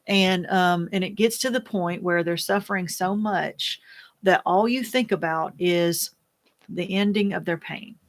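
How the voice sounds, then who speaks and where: A woman, a widow, talking candidly to the camera, soft-spoken and earnest, halting and searching for words with many fillers. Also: on the low side. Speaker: widow sharing her experience. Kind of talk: candid personal talk to camera.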